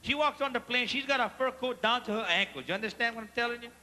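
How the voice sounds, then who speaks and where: A man's voice: very high-pitched, quick pace, sharp tone. A man with a Cajun accent doing live stand-up storytelling, folksy and chatty, teasing the audience from a theater stage. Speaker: stand-up comedian. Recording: live theater recording with long hall reverb and faint noise. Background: audience laughter.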